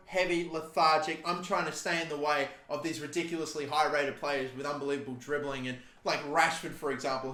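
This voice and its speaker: A man's voice: fairly high pitch, a bit bright, echoey room. A young man giving casual commentary over his own football video game, blunt and swearing freely as he vents at the game. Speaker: gaming YouTuber. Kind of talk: live gameplay commentary.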